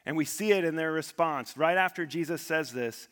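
Pastor type, man with a fairly high voice, earnest sermon delivery, long hall reverb. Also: moderate pace, a bit bright. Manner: earnest, repeats words for emphasis.

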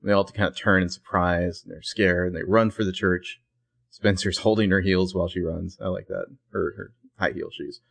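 A man with a very low voice co-hosts a casual podcast. He walks through each scene in detail, with a dry, playful delivery. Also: steady tone, moderate pace, creaky. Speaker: podcast co-host. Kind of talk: casual recap chat.

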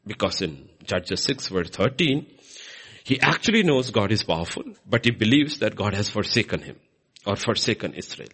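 A man's voice: normal speed, breathy edge. A man preaching a sermon in a church, acting out scripture quotes with big swings in emphasis. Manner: animated, swinging pitch and loudness for emphasis.

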